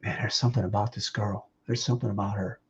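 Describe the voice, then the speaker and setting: A man sharing personal memories at a memorial, speaking in halting phrases with restarts and small laughs. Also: lowish voice, steady tone, dull audio, slight background noise. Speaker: speaker giving a eulogy. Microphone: video call.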